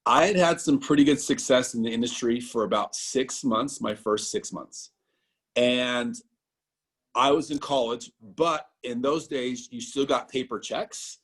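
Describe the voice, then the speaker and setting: A man from Idaho, a business owner giving an animated motivational training talk on a video call, telling stories straight to his team. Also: medium pitch, measured pace, husky. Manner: storytelling, animated, talks straight to the audience.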